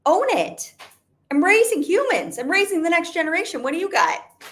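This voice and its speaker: Speaking at a moderate pace, a young adult woman in network marketing gives a motivational talk in a very high, very animated, fairly bright voice. She is emphatic and repetitive, with "like" popping up often.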